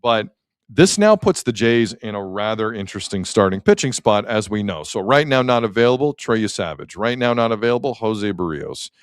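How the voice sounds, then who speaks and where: A man hosts a casual sports talk show, his pitch jumping around as he talks. He rattles off player stats in a chatty, animated way, recorded close with a dry sound. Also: moderate pace, clear, resonant tone, no echo.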